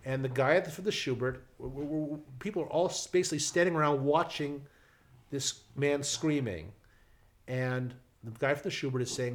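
A man telling a casual anecdote in an animated way, acting out the people in it. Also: fairly high pitch, moderate pace. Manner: animated, acts out quoted voices, restarts. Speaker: storyteller guest.

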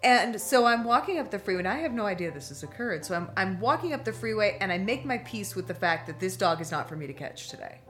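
A middle-aged woman telling a long, animated anecdote on a talk show. She laughs often and acts out the voices of the people in her story. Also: medium pitch, fast talker, few pauses, faint music behind.

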